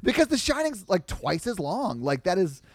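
A young man with a slightly high voice tells animated, laughing stories in a casual chat. The sound is close and dry, with no room around it. He jumps into loud bursts at his punchlines. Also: moderate pace, no echo. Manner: animated storyteller, laughs often, yells in punchlines. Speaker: podcast host, guest.

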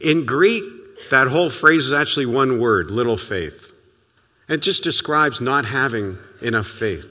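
A man preaching in a loose, storytelling manner, his voice swinging widely up and down with every point. His tone is bright and pushing, and it often sinks to near quiet. The sound rings through the long reverb of a big church hall. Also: medium pitch, lively intonation, measured pace. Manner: conversational, storytelling preaching with sudden soft drops. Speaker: pastor. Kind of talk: sermon.

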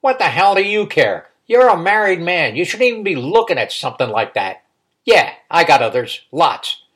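A man's voice: medium pitch, very animated, moderate pace, a bit bright. A man voicing a cranky, toothless old man who growls and snaps short, defensive questions. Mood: boastful. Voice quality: growling, grumbling.

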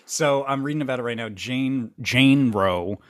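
A man hosting a podcast in casual chat, easygoing and thinking out loud with lots of fillers. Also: mid-range voice, normal speed, dry recording, studio quality. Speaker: podcast host.

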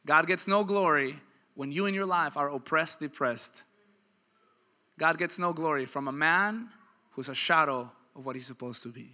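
A man in his thirties preaching a sermon, telling stories with a dynamic delivery and building to loud, emphatic peaks. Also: a little high. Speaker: pastor.

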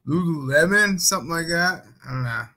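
A man's voice: fairly high pitch, animated, a little fast, bright, forceful tone, low-quality recording. A man chatting casually, telling rambling stories full of fillers. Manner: loose, rambling storytelling with many fillers. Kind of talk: casual podcast chat.

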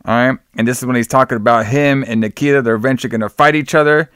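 A man's voice: medium pitch, fairly even intonation, racing, a bit bright, clean tone, dry recording, studio quality. Rambling, profane male podcast co-host. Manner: profane, rambling, says "brother" and "like" a lot. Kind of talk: casual chat recapping old wrestling shows.

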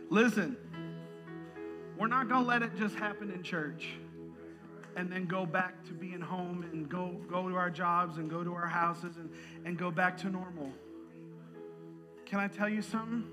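A man's voice: sits high, normal speed, long pauses, music in the background. A man preaching a sermon to a congregation, calling out praise and breaking into bursts of laughter.

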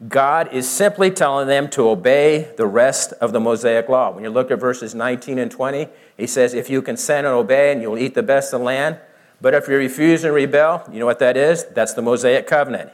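A man giving a verse-by-verse Bible teaching, who explains slowly, asks his listeners questions and acts out both sides of the argument. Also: mid-range voice.

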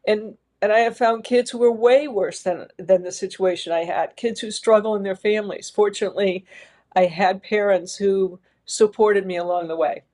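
Middle-aged woman guest in an interview, earnest and reflective, long winding sentences, voice sits in a middle pitch. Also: fairly even intonation, moderate pace, a little mellow. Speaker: interview guest, education leader. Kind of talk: reflective personal storytelling in an interview.

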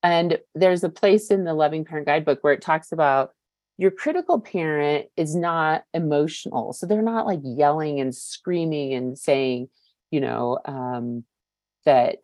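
A woman's voice: low-pitched, measured pace, a little mellow, dry recording. A woman in her fifties giving a personal recovery share, candid and searching, with many fillers and casual swearing. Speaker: recovery meeting speaker.

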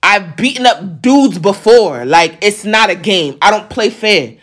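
A woman recounts a run-in to her viewers, her voice sitting at an ordinary middle pitch. She talks casually and emphatically, leaning on slang and repeated asides to the audience. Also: lively intonation, measured pace. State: on the verge of tears. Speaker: vlogger telling a personal story.

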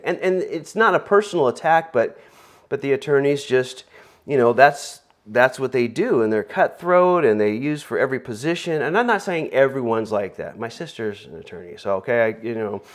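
A man preaching a conversational sermon in a rambling way, full of fillers, asides and jokes. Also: medium pitch. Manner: rambling, filler-heavy, joking.

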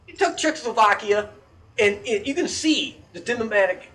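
High-pitched guy ranting loud and sweary, really expressive delivery. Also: moderate pace. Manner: profane, animated ranting. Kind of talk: casual chat.

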